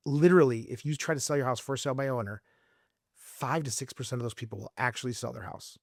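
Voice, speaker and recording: A man's voice: mid-range voice, fast, no room sound, clean studio sound. A middle-aged man from Arizona, a realtor who talks through sales tactics in casual conversation and acts out his calls with clients. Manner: animated storyteller, acts out sales calls in lively voices. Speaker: realtor guest. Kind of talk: casual podcast interview.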